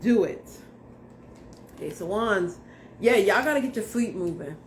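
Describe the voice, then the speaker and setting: A young woman gives a casual tarot reading to camera, talking straight to viewers in a blunt, slangy, profane way. Her voice is fairly low, her pace measured with long pauses, and there's slight background noise.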